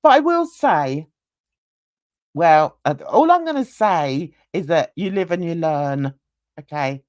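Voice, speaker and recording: A woman's voice: fairly low pitch, lively intonation, slow, a little mellow, no echo. A woman on a livestream panel, chatting casually, laughing often and mimicking other people's voices.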